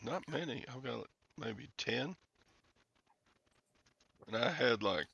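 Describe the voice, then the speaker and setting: A man's voice: medium pitch, lively intonation, slow, creaky, pauses often, bright, forceful tone, slightly rough. A man hosting a casual live-stream chat, rambling through anecdotes and laughing often. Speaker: show host.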